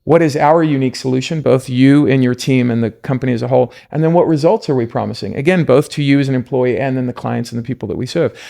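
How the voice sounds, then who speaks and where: Brief: South African-born male guest, earnest coaching tone, gravelly mid-pitched voice. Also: fast, hardly any pauses, warm tone. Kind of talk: casual podcast conversation.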